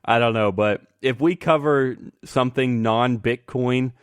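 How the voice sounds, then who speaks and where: A man hosting a casual podcast, excitable and laughing often as he talks. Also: medium pitch, unhurried, smooth, no echo, studio quality. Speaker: podcast host.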